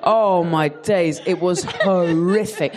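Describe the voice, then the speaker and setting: A woman's voice: fairly low pitch, takes it slowly, a crowd in the background. A woman comedian telling comic stories in a chat, laughing as she talks. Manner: animated, laughs through her stories.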